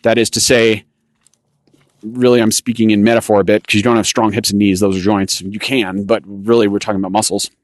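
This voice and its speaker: For his cycling coaching podcast, a man with a lowish, level voice speaks a little fast, loosely explaining technique and correcting himself. He delivers this instructional monologue while walking a rocky trail outdoors, recorded dry.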